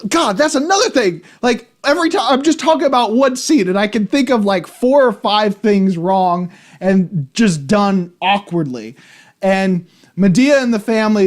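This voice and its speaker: A man giving a casual, rambling film review, exasperated and full of restarts. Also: high voice. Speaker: movie reviewer.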